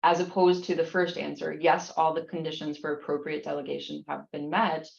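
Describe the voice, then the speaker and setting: Low gravelly woman tutoring exam questions. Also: flat delivery, a little fast, reverberant, highs cut off. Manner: patient, hesitant restarts, reads questions aloud then explains. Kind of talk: explaining practice exam questions.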